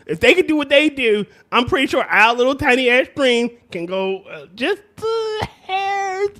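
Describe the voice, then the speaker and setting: A man with a high, light voice trades crude jokes in loose, unscripted banter. He laughs often and stumbles into repeated words as he goes. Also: expressive, a little fast, pushed and bright. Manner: joking, laughs often, stammers. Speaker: podcast co-host.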